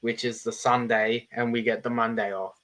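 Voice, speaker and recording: A man from Australia hosting a casual live-stream chat in a laid-back, unhurried way. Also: medium pitch, flat delivery, fairly bright tone, rough recording. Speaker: show host.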